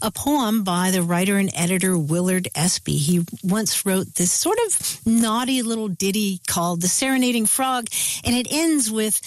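A woman's voice: mid-range voice, moderate pace, no echo, low-quality recording. A woman co-hosting a radio call-in show, sharing listener stories and word facts in an informative way.

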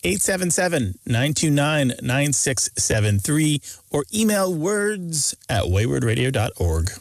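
A man co-hosting a call-in radio show, explaining word pronunciations in a lively way and stressing words as examples. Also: on the high side, measured pace, gravelly. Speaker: radio show co-host and language expert. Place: radio studio. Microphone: studio microphone.

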